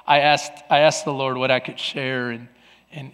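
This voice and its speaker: A man preaching a sermon as pastor. His delivery is loud and lively, then drops to soft, earnest talk, and he repeats words and restarts often. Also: mid-range voice, normal speed, clean tone, in a large hall. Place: large church.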